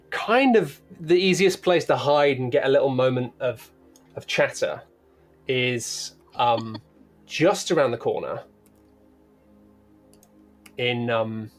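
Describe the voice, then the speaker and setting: A man running a tabletop role-playing game as game master, narrating in a playful, rambling way with sound-effect noises. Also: medium pitch.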